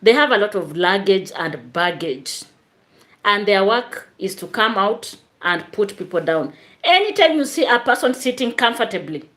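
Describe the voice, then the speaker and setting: A woman's voice: a little high, a bit bright. A woman hosts a live stream, reading out viewer comments and chatting straight to her viewers.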